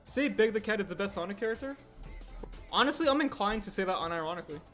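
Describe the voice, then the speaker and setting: A man's voice: high voice, lively intonation, fast, pushed and bright, faint music behind. A man livestreaming his stop-motion animation work, chatting casually and rambling as he corrects himself mid-sentence. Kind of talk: casual livestream chat while working.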